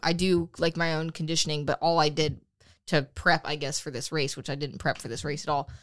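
A young woman telling a race story in casual podcast chat, animated, laughing often and swearing freely. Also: deep voice, brisk. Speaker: podcast co-host.

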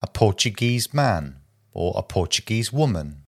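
A man reading a vocabulary list aloud as a language teacher, with slow, deliberate enunciation of single words and short sentences. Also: on the low side, big pitch swings.

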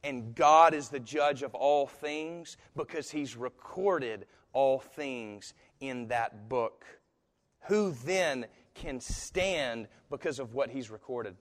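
A man preaching a sermon as pastor, talking in a conversational, animated storytelling way with asides. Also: mid-range voice, slow pace. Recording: echoey hall.

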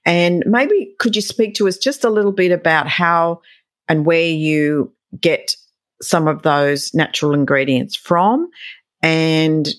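A woman's voice: low voice, takes it slowly, dry recording, clean studio sound. A woman interviewer asking long, rambling conversational questions.

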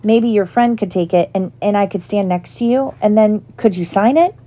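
A woman's voice: mid-range voice, normal speed, dark tone, lightly acted. A woman voicing a small, eager young schoolboy who talks breathlessly and stammers with hope. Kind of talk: audiobook character voice.

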